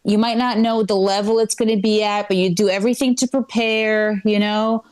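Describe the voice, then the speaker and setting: A woman's voice: mid-range voice, fairly even intonation, normal speed, darkish tone, clean tone, rough recording. A woman performing a live stand-up set at a comedy club, rambling and self-deprecating with many fillers and restarts.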